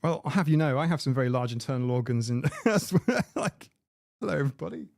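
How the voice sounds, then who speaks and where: A man's voice: mid-range voice, animated, fast, vocal fry, a little mellow, no room sound. A man hosting a casual live stream, chatting in a rambling way and laughing at his own jokes. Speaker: livestream host. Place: home room. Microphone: desk mic with mixer.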